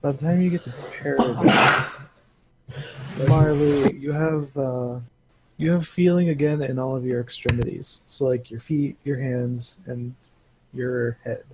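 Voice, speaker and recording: A man's voice: mid-range voice, fairly even intonation, measured pace, noisy background. A man running a tabletop game as game master, hesitant and full of fillers.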